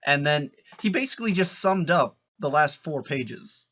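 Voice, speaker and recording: Animated, bright-voiced young man. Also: a little high, normal speed. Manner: animated, swearing, jokey commentary. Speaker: podcast co-host. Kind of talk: casual chat.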